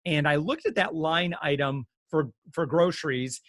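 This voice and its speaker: This animated man sits on the higher side of the usual male pitch range. He talks in a loose, chatty way full of fillers and restarts. His voice comes across very dry and close, with no sense of the room around it. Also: normal speed, no echo. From United States. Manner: animated, many fillers, acts out quotes. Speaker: guest consumer expert. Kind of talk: casual explanatory talk.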